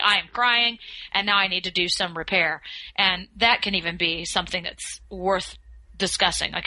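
A woman who is a communication skills expert, answering podcast interview questions in a measured, articulate way. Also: medium pitch, sharp tone, no echo, rough recording. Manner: measured, advice-giving, articulate.

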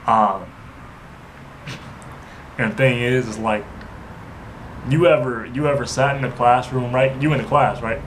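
Male vlogger, storytime, loose and rambling delivery with restarts, mid pitch, noisy room behind. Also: unhurried, pauses often. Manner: rambling, repeats "you know what I'm saying", stumbles and restarts. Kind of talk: casual storytime.

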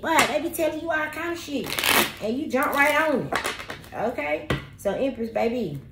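A woman's voice: high voice, expressive, moderate pace. A woman giving a tarot reading, talking to viewers in a blunt, slangy, profane and emphatic way. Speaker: tarot reader. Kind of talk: spirited tarot reading monologue. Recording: roomy echo with faint background noise.

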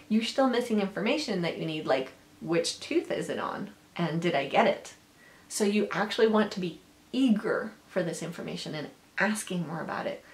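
A woman's voice: medium pitch, roomy sound. A woman educator giving an earnest workshop talk, acting out the people she quotes. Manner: earnest, acts out quoted voices.

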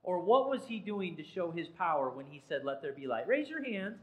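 A man's voice: sits high, very animated, brisk, phone-quality sound. A man, a pastor, giving an interactive sermon in a church and quizzing the congregation by name in a playful way. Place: church sanctuary.

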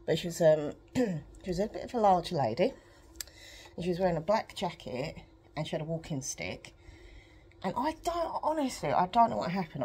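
Husky, low-voiced woman vlogging. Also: a little mellow. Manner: candid, emotional, rambling with frequent laughs. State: pedalling an exercise bike while talking. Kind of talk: rambling personal chat to camera. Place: at home.

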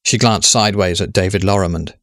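A man narrating a story in a measured, steady way. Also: sits low, dry recording, clean studio sound.

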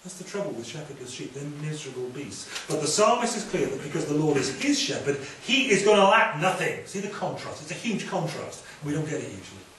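Brief: male preacher, chatty lively sermon, recorded from afar in a very echoey hall with faint noise. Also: a little high, recorded from a distance. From Wales. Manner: lively, conversational preaching with asides and quick humor.

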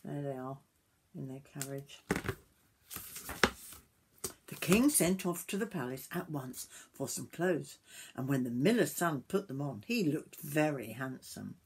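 An older woman reading a picture book aloud to children, gentle and stopping to point at the pictures. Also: extremely low pitch, lively intonation, measured pace, pauses often, a little hiss or hum. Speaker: storyteller grandmother.

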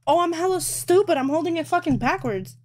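A woman's voice: very high-pitched, expressive, fairly quick, a little mellow. A woman live-streaming as she crochets, thinking aloud, swearing a lot and mocking herself. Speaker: livestreamer. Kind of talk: casual live-stream chat while crocheting.

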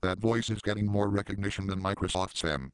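A man giving mocking commentary, deadpan, sarcastic and profane. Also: on the low side, brisk, clean tone, no room sound. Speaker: commentary channel host.

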